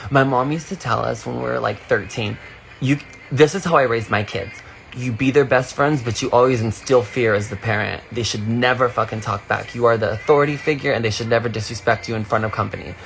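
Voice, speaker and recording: A young man with a middle-pitched voice chatting on a phone livestream, campy and profane, slipping into sudden high squeals when he quotes people. There is a faint hiss of background noise under his voice. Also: a little fast, vocal fry, fairly bright tone. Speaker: streamer on a live video. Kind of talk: casual storytelling chat.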